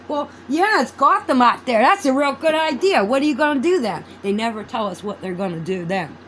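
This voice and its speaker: A woman's voice: sits high, expressive, a little fast, fairly bright tone, a little hiss or hum, poor audio. A woman vlogging in a casual, rambling chat. She swears freely and loses her train of thought.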